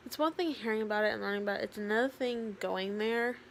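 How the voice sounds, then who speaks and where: A teenage girl talking to camera in a casual vlog, rambling with lots of fillers and sometimes dropping to a soft, quiet voice. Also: mid-range voice, fast talker, slight background noise. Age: teens. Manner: chatty, rambling, with many fillers. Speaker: vlogger.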